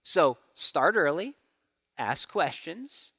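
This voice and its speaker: A man's voice: a little high, takes it slowly, creaky, husky. A man in his forties giving a church talk with questions, telling stories and acting out quotes with energy. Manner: animated storyteller who acts out quotes. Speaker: guest speaker. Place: church hall. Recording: hall reverb.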